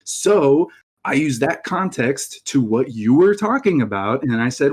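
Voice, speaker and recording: A man's voice: mid-range voice, very animated, a little slow, husky. Sarcastic man calling into a debate. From Baltimore, US. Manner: mocking, laughing, sarcastic. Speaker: guest caller. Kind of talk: heated debate on a call.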